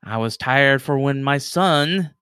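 A man voicing a scheming father villain who speaks slowly and coldly. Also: mid-range voice, sharp tone, smooth, no echo, clean studio sound. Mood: weary contempt. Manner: slow, cold, contemptuous. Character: weary scheming father villain, male, middle-aged.

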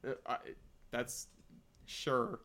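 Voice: medium pitch, drawn-out words, fairly bright tone. A podcast co-host in a casual chat who rants animatedly, swears often and laughs a lot.

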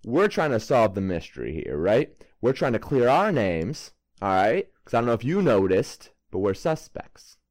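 A man's voice: fairly low pitch, big pitch swings, normal speed, hardly any pauses, a little mellow. A man does a swaggering tough-guy investigator with a put-on New York accent, cursing and blustering at a suspect. His voice swings widely up and down. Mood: brash. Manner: brash, swaggering, swears a lot.

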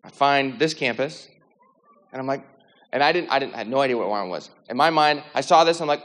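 A man's voice: mid-range voice, quick pace. Storytelling man in a reverberant hall. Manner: lively, acts out quoted dialogue, many "like" fillers. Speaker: speaker sharing a personal faith testimony. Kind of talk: animated storytelling.

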